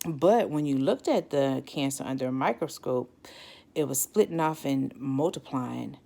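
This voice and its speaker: A woman's voice: rumbling low, unhurried, creaky. A woman, casually telling her own story and acting out what people said. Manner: lively, acts out quotes with animated voices.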